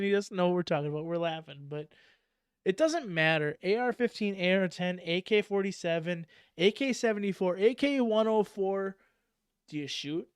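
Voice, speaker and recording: Lively profane male podcast host. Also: sits high, moderate pace, clear, resonant tone, no room sound, studio quality. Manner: animated, profane, laughs often. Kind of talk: casual podcast chat.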